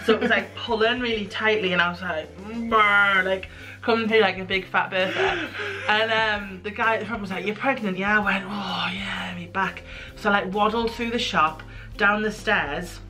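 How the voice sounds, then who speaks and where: A woman's voice: mid-range voice, a little fast, pushed and bright, soft background music. A young British woman telling a candid, self-mocking story in a casual chat. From United Kingdom. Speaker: guest.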